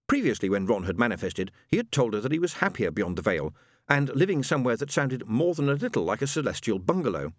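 A man's voice: medium pitch, big pitch swings, quick pace, no echo, studio quality. Man narrating with wry dryness. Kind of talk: audiobook narration.

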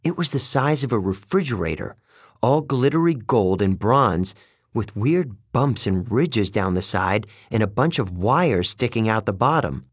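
Male storyteller, low-pitched and husky, measured first-person narration. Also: animated, dry recording, studio quality. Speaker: audiobook narrator.

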